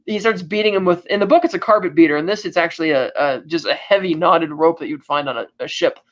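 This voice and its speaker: A man with a notably high speaking voice recaps a film for a casual podcast. He tells it with animated energy, stumbling and restarting as he goes. The recording sounds dull and lo-fi. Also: fast talker. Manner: animated retelling with frequent restarts and fillers. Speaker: podcast co-host.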